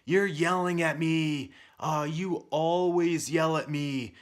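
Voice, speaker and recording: A man's voice: fairly high pitch, fairly even intonation, slow, voice pushed up. A man voicing his young son as a whiny, defensive boy who protests and makes excuses. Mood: protesting. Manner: whining, protesting complaints.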